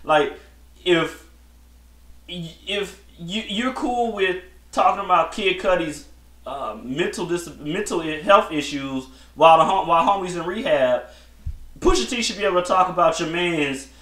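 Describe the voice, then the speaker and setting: In an echoey room, a podcast host rambles through a solo show, offering blunt, slangy opinions and restarting often. His voice sits high and a bit bright, and he speaks at a measured pace.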